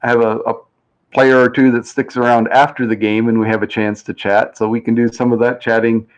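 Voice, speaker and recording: A man's voice: mid-range voice, little pitch movement, a little fast, muffled recording. A man hosting a game show live stream, chatting casually and reading out viewer comments. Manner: chatty and rambling, reads chat aloud, plays with pronunciations.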